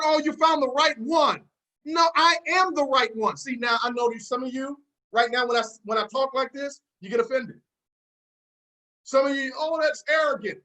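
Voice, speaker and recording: A man's voice: extremely high pitch, sharp tone, rough recording. A man leading a motivational business seminar, confident and preachy, with call-and-response and repeated key phrases. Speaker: network marketing team leader.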